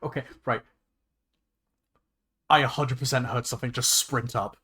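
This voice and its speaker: A young man chatting casually on a livestream while he plays a game, rambling and excitable, swearing freely and restarting his sentences. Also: mid-range voice, moderate pace, husky. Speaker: VTuber streamer. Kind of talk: casual gaming livestream chat.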